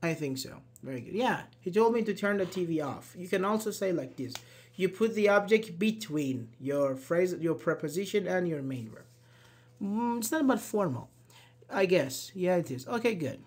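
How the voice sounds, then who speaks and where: An online English teacher giving a live grammar lesson, slowly repeating example sentences and answering chat. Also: medium pitch, lively intonation, darkish tone. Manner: slow, repeats examples, apologizes and laughs at own slips.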